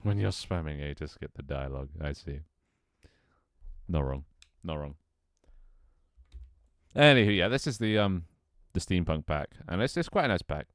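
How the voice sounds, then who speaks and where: A man with a very low, deep voice talks through a gameplay livestream, rambling, swearing offhandedly and answering his chat. The sound is close and dry, with no room around it. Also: expressive, normal speed, pauses often, no room sound. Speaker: streamer. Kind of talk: casual gameplay livestream commentary.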